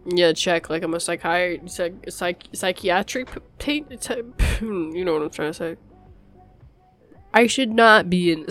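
A woman's voice: fairly low pitch, a little slow, fairly bright tone, soft background music. A young woman in a casual girlfriend role-play, rambling to her partner with frequent laughs and swearing.

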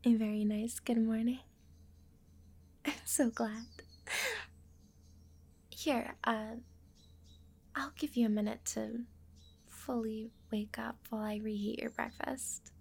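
Breathy whispering woman, slow and intimate. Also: a little high, steady tone, a little mellow. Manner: intimate, teasing, affectionate. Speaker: audio role-play performer. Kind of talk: whispered role-play.

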